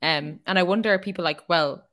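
A woman's voice: sits low, steady tone, moderate pace, fairly bright tone. An Irish woman co-hosting a podcast, chatting casually with lots of fillers like "like" and "um". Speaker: podcast co-host.

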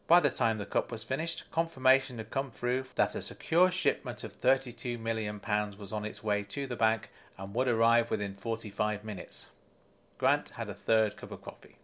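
A man narrating a story in a measured, matter-of-fact way. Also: fairly low pitch, fairly bright tone. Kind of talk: storybook reading.

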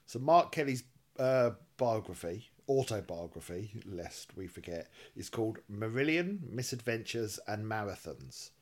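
A man co-hosting a relaxed podcast, trading teasing remarks and reading a back-cover blurb aloud. His voice sits fairly low for a man, and his delivery is easygoing and good-humoured. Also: measured pace. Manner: easygoing, teasing, laughs often. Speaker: podcast co-host.

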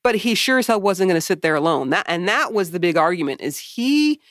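A woman's voice: fairly low pitch, very animated, fairly quick, no echo, studio quality. A woman co-hosting a podcast, telling candid stories in a chatty style and swearing freely. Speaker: podcast co-host. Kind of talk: casual chat.

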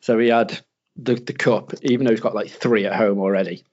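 A British man in casual chat, telling an animated story and mimicking people in a higher voice. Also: a little fast. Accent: British English. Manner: animated, acts out quotes in a higher voice. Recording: slightly dull lo-fi sound.

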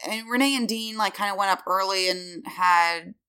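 A woman in casual chat telling an animated story fast, full of "like" and quick asides. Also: mid-range voice, clear, resonant tone. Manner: fast, animated, lots of fillers like "like". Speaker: entertainment interviewer telling a story.

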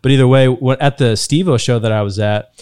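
Male comic co-host, smooth mid-pitched voice, easygoing banter. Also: a little mellow. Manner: chatty, quick to laugh, reacts to others. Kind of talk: casual podcast chat.

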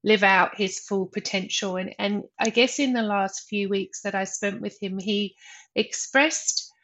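A woman guest in an interview, speaking slowly and reflectively with soft laughs. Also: medium pitch. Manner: slow, reflective, laughs softly. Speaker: guest, sobriety coach.

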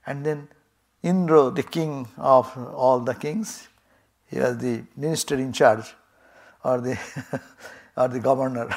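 A man's voice: mid-range voice, creaky. A man, a swami and minister, giving a storytelling sermon in a temple, acting out the characters' lines and chuckling as he goes. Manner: chuckling, animated retelling with quoted dialogue.

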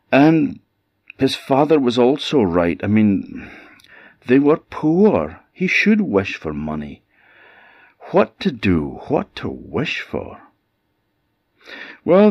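Deep-voiced Scottish storyteller. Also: male voice, dry recording, dull audio. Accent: Scottish, Orkney. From Scotland. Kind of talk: folk tale telling for children.

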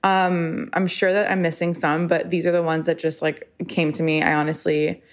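A thirty-year-old woman hosts a casual solo podcast, talking directly to listeners at normal speed in a relaxed, rambling way. Her sentences are full of "like" and "you know," she teases herself as she goes, and her voice is a little low for a woman.

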